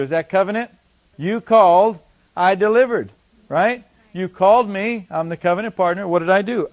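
A man preaching a sermon, reading scripture slowly and then explaining it in a conversational way with rhetorical questions that build to emphatic peaks. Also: a little high. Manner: reads scripture slowly and deliberately. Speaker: pastor.

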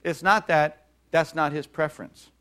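A man preaching a sermon in an animated way, acting out voices and calling on the congregation to respond. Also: a little high, moderate pace. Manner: animated, acts out mocking voices, calls for audience response.

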